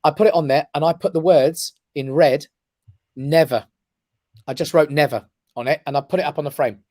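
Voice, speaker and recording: A man, a guest on a talk show, telling a personal story with lively emphasis and frequent "right?" check-ins. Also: fairly high pitch, fast, dry recording, studio quality. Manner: animated storyteller who keeps checking in with "right?". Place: his office.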